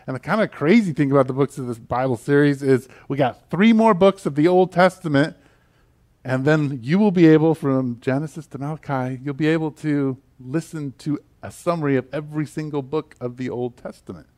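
A man with a Southern US accent, preaching a sermon in a casual, animated way with prayer. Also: on the high side, brisk. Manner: conversational, animated, with fillers and asides. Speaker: pastor.

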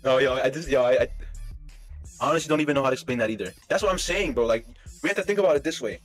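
A young man streaming, reacting to clips with excitable, slangy chatter and frequent laughter. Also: medium pitch, racing, soft background music. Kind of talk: casual reaction stream chat.

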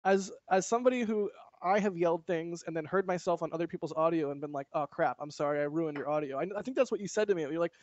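A man with a fairly high voice hosts a casual live show, laughing at himself and chatting with animation. He talks into a close desktop mic on a video call. The sound is dry and a little dull. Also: no room sound. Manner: animated, quick to laugh and self-mocking. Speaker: host.

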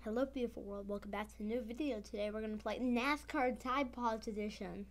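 A woman's voice: on the high side, fairly quick. Chatty young woman playing a game. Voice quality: slightly off speech from a dental expander. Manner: chatty, excitable, rambling with fillers. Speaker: gaming video host. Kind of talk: casual game commentary.

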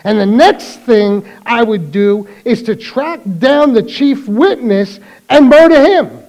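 A man voicing a vengeful condemned murderer, speaking low and cold. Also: lively intonation, normal speed, creaky, a little mellow, long reverb tail, exaggerated voice, low-quality recording. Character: vengeful male murderer on death row.

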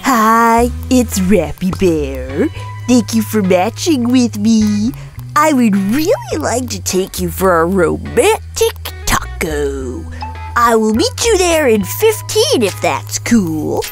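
A woman's voice: on the high side, very animated, takes it slowly, faint music behind, heavily acted. A woman voicing a sly, playful female prankster posing as a date in a game machinima.

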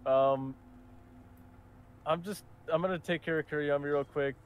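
Man playing a gentle caring comrade. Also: a little high, fairly even intonation, measured pace, clear, resonant tone, narrow, tinny audio, lightly acted. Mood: soothing. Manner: gentle, soothing. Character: caring young man comforting a friend.

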